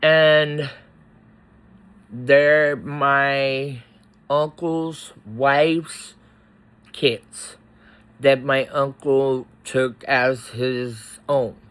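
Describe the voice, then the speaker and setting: Slow, halting man, choked up. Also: mid-range voice, a bit bright, low-quality recording. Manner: slow, halting, with many pauses and fillers. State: tearful, choked up. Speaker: faith vlogger. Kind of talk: personal emotional vlog.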